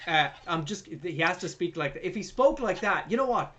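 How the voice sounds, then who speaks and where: A man's voice: high-pitched, lively intonation, measured pace, bright, forceful tone, highs cut off. A man co-hosting a film review podcast, recapping the plot in casual, sarcastic, sweary chat.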